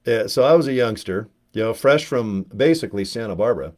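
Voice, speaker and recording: A middle-aged man with a fairly low voice tells a long, digressive story from his youth. His humor is crude, and he keeps acting out the people he quotes. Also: animated, fairly quick, a little mellow. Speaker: vlogger telling a personal story. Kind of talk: rambling comic storytelling.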